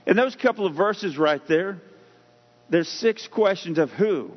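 A man preaching a sermon, telling folksy everyday stories and reading scripture slowly and deliberately. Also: high-pitched, animated, husky. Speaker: pastor. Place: church sanctuary. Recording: muffled sound in a long-reverb hall.

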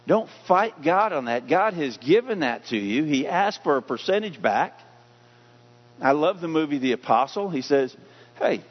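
A pastor in his forties, giving a conversational, animated sermon that keeps asking the congregation questions. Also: a little high. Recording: dull lo-fi recording.

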